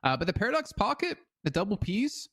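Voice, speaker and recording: A man's voice: high-pitched, sing-song, brisk, fairly bright tone. Casual-sounding man co-casting esports. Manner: casual, hedging with fillers like "I mean". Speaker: esports co-caster. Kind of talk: esports analysis commentary.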